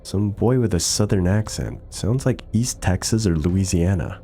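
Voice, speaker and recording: A man's voice: low-pitched, moderate pace, dark tone, slight background noise. A man voicing a puzzled woman nanny in a spoken horror story, matter-of-fact.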